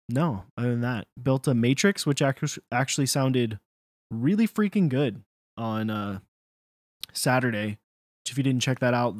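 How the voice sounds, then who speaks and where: Relaxed man on a dry mic. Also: medium pitch, no room sound. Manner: relaxed, lots of "dude" and fillers. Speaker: co-host. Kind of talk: casual chat on a livestream.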